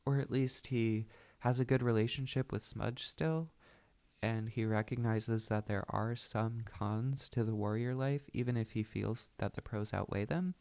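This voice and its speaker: A man's voice: fairly low pitch, vocal fry, darkish tone. A man reading a book aloud and chatting about it in musing, self-deprecating asides. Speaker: book reader and commentator. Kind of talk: reading aloud with casual commentary.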